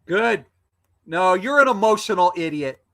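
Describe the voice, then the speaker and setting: A man's voice: high voice, expressive, moderate pace, bright, forceful tone. A man on a live video call, angrily insulting a troll in a heated argument, repeating himself. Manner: angry, insulting, repetitive. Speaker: guest on a live stream.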